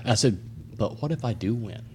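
A man telling a story as a podcast guest in casual chat, animated and acting out quoted lines. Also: lowish voice, a little fast, slight background noise. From Tennessee. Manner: animated, acts out quotes loudly.

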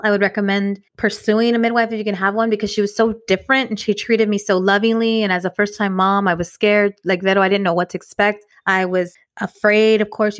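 A woman, co-hosting a podcast and telling a personal story in casual chat, animated and acting out the voices she quotes. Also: medium pitch, no echo, clean studio sound. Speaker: podcast co-host.

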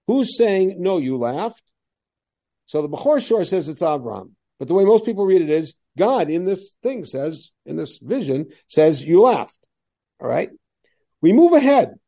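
A man teaching a Bible class as a lecturer, quoting the text in quick spoken paraphrase. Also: fairly high pitch. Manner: animated lecturer voicing quoted lines.

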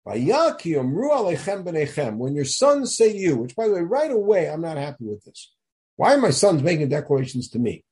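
A man leads a text study lesson, talking with emphasis and throwing questions at his listeners. His voice sits high and swings widely in pitch. The tone is mellow and a little husky. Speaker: Torah teacher.

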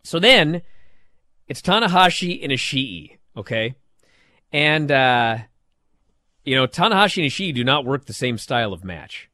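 A man on a podcast, chatting excitedly and acting out moments with shouted yells. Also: mid-range voice, a little slow, long pauses, no echo, clean studio sound. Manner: animated, acts out moves with shouted yells. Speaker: podcast co-host. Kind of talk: excited wrestling podcast chat. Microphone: studio microphone, close.

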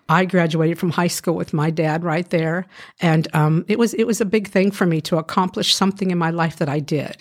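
A woman recounts her hard past in an earnest, heartfelt testimony, her voice sitting a little low. She talks haltingly, with frequent pauses and restarts as she works through painful memories. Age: adult. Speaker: guest sharing her life testimony. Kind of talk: emotional personal testimony.

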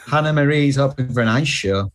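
A man's voice: medium pitch, brisk, noisy background. A man co-hosting a podcast in casual chat, reading out viewer comments with hesitant restarts. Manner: hesitant, many ums and restarts.

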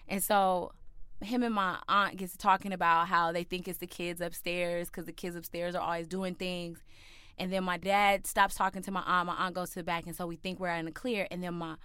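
A woman's voice: lowish voice, moderate pace, clear, resonant tone, no echo. A woman telling a personal story to an audience, acting out the voices of the people in it. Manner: animated, acts out quoted voices.

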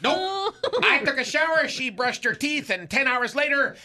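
A long-winded, pompous lovesick fellow, as a man puts him on for a radio comedy sketch. The tone is strikingly bright and thin, and he piles up fancy words with deadpan self-importance. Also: very high voice, moderate pace, exaggerated voice. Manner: flowery, overblown vocabulary, deadpan bragging. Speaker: recurring comedy character.

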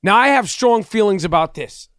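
A man's voice: high voice, expressive, normal speed, fairly bright tone, no echo. A man hosting a talk show, ranting heatedly and profanely with incredulous outrage. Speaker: host. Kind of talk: profane comedic rant.

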